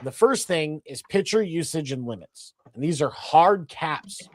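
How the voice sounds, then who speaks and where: A man's voice: on the high side, lively intonation, measured pace, no room sound. A man hosting a casual sports podcast, rambling along with lots of fillers and restarts. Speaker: podcast host.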